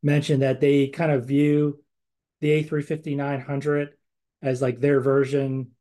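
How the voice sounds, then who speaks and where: Male podcast co-host, mid-pitched voice, loose rambling delivery full of fillers. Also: flat delivery, a little slow, mellow. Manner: conversational, rambling with many fillers and restarts. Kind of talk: casual chat.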